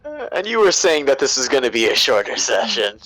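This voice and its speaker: A man's voice: medium pitch, big pitch swings, brisk, crowd noise, poor audio. A man chatting casually as a player after a tabletop game, joking around. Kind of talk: casual chat.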